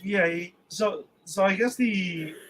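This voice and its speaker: A man with a slightly raised pitch co-hosts a casual movie review podcast. He sounds exasperated and swears often. He rambles, restarting his sentences as he goes. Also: slow pace, fairly bright tone, rough recording. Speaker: podcast co-host.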